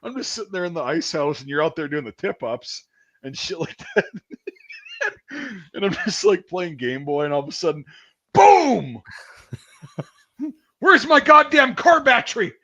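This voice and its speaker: A man's voice: on the high side, animated, moderate pace. A man in his thirties hosting a casual chat, telling stories with a rambling, profane manner. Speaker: podcast host.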